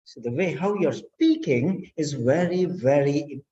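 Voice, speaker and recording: A language teacher giving an instructional lesson, speaking slowly and deliberately and repeating key words. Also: medium pitch, lively intonation, warm tone. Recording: dull lo-fi recording.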